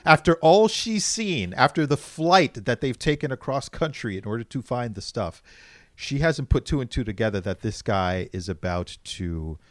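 A man's voice: mid-range voice, lively intonation, moderate pace, no room sound. A man chatting casually about a movie, hesitant at times and acting out characters' lines. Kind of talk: casual movie review chat.

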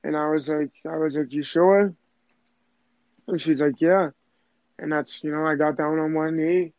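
A man's voice: a little high, fairly even intonation, measured pace, a little mellow. A young man casually telling a personal story, rambling and emotional, full of fillers and restarts. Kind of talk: casual conversation. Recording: dull lo-fi sound.

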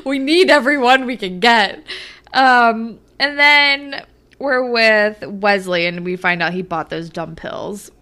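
A young woman co-hosting a casual podcast, recapping a TV episode with laughter and playful quoted lines. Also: slow. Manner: animated, laughing, acts out quoted lines in a higher voice. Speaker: podcast co-host.

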